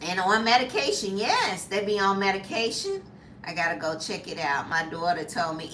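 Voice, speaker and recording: A woman in her fifties chatting casually as a lifestyle vlogger, animated and jumping to high squeals when acting out reactions. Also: normal speed, reverberant, recorded from a distance, slight background noise. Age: 50s. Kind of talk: casual chat.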